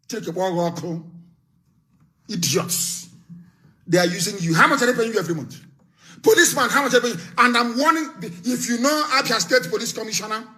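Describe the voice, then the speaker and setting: A middle-aged Nigerian man delivering a fiery live political broadcast, threatening and lecturing, repeating his warnings with sudden shouts. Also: high-pitched. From southeastern Nigeria.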